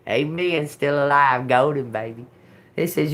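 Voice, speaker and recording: A woman hosting a tarot livestream, telling a story in a casual, animated way, swearing freely and laughing often. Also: deep voice, normal speed. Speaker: tarot reader livestream host.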